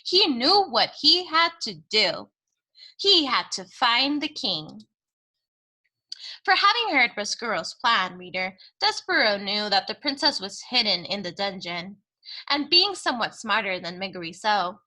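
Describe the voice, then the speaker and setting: A woman teacher reading a children's book aloud in an expressive, deliberate way and then explaining the chapter. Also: medium pitch.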